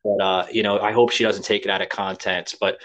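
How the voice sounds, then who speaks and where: A man's voice: on the low side, level tone, a little fast, fairly bright tone, highs cut off. A man hosting a podcast, telling rambling, profane stories in casual chat. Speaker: podcast host.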